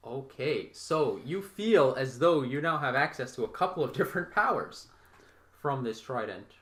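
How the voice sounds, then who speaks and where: A man's voice: mid-range voice, expressive, normal speed, fairly bright tone. A man acting as game master, narrating a tabletop game in a casual, offhand way.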